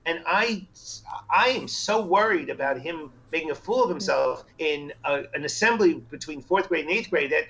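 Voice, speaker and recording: A psychiatrist in his sixties, a podcast guest telling family stories in a casual, animated way and acting out the voices he quotes. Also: a little high, moderate pace, low-quality recording. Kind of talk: casual storytelling interview.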